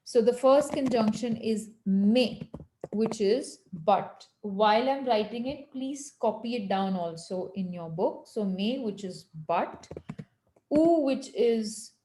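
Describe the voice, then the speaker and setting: A woman teaching French on a video call, patiently correcting students and slowing down to model phrases. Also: fairly high pitch, warm tone, echoey room, a little hiss or hum, rough recording. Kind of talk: online language lesson.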